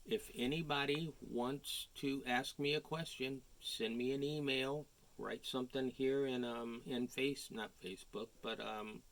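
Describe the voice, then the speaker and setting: A man reading a picture book aloud to young children in a gentle, chatty way, with playful ad-libbed asides. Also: mid-range voice, steady tone, unhurried, vocal fry, hardly any pauses. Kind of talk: storybook read-aloud for children.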